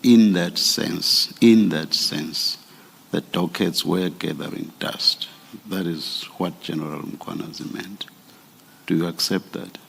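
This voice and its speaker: A man chairing a formal hearing, asking questions in a measured way and repeating words as he thinks. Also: low-pitched, gravelly, fairly bright tone, slight background noise.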